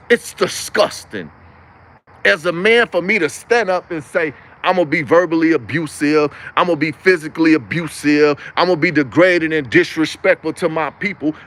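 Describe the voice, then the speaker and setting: High-voiced man preaching on a livestream. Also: pushed and bright. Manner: preachy, repetitive, emphatic. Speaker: livestream host. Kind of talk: impassioned live-stream monologue.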